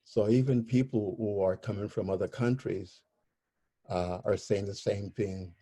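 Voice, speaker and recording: Interview guest, male, mellow tone, halting and searching for words as he tells his story. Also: fairly low pitch, fairly even intonation, slightly rough.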